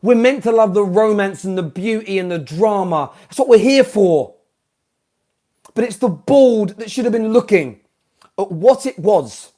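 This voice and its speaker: A man with a British accent hosting a football fan channel, ranting live after a match, swinging from shouting to muttering and repeating himself in exasperation. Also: high voice. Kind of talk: live-stream post-match rant.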